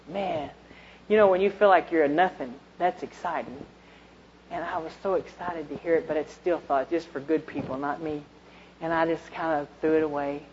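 A woman's voice: low voice, darkish tone. Plain-spoken woman giving testimony, lo-fi. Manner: plain-spoken, colloquial, emphatic storytelling. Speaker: speaker giving her testimony. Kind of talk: testimony sermon. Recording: dull lo-fi recording with faint noise.

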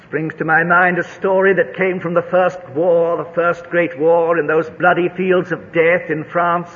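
A man's voice: flat delivery, unhurried. A man preaching a sermon, reading scripture and telling stories with dramatic, rising delivery. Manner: dramatic, rising to high shouts in a told story. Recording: dull lo-fi recording in a large reverberant hall.

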